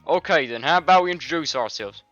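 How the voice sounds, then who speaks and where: Man playing a poised girl club president, friendly, deep-ish voice, dull dry sound. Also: lively intonation, quick pace, fairly bright tone, dry recording, soft background music.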